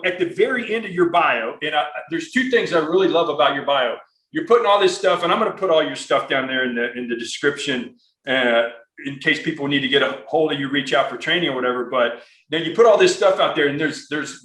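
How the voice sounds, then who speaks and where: A man's voice: a little high, fairly bright tone, reverberant, low-quality recording. A man hosting a podcast interview, talking in an earnest, rambling, profane way with lots of restarts. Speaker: podcast host. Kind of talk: casual conversational interview.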